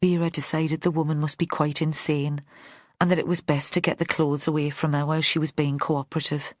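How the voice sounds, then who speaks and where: Scripted audiobook narration comes from a woman with a low voice, who tells the story at an even, measured pace. The audio is dry and of studio quality.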